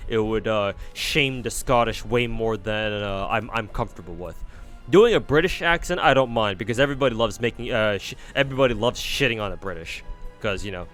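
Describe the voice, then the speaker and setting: A man's voice: fairly low pitch, fairly quick, a bit bright, soft background music. A man streaming a game reading, talking casually in a rambling, self-deprecating way with swearing and frequent restarts. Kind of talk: casual live-stream commentary.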